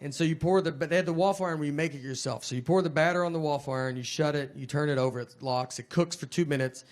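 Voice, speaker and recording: A man in his thirties doing a slow, deadpan stand-up routine on a comedy stage, with drawled fillers. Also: fairly high pitch. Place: comedy stage before a laughing audience. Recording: live show with audience noise.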